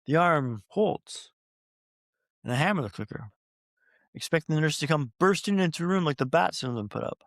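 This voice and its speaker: A man's voice: fairly high pitch, animated, moderate pace, pauses often, no room sound, clean studio sound. A man telling his recovery story as a podcast guest, like a practiced speaker, with repeated phrases for rhythm and speaking straight to the host. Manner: addresses the host directly.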